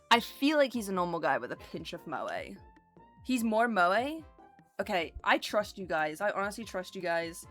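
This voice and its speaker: A woman's voice: medium pitch, big pitch swings, normal speed, a bit bright, faint music behind. Chatty woman streaming, giggles a lot, goes off on tangents, really bouncy voice. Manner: rambling and giggly, drifts into tangents. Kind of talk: casual livestream chat with viewers.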